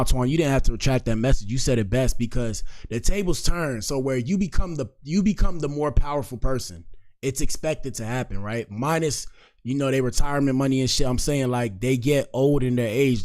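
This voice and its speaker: A male host gives casual reaction commentary in a relaxed, slangy manner. He talks straight to his viewers and shouts out their comments. His voice sits in an ordinary middle pitch. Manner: laid-back, slangy, addresses chat directly.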